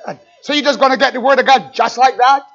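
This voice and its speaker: High-voiced emphatic preacher, lo-fi. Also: male voice, fast talker. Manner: emphatic, swings from loud to quiet. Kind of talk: sermon. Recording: dull lo-fi recording.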